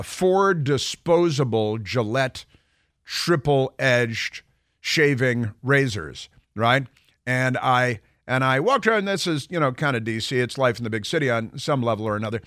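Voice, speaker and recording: A man's voice: medium pitch, a bit bright, dry recording, clean studio sound. Rambling male talk radio host. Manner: digressive, halting, many fillers and restarts.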